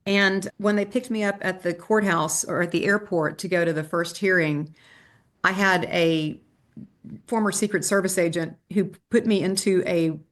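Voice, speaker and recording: A woman trial lawyer, a podcast guest, telling stories with quick asides and restarts. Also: lowish voice.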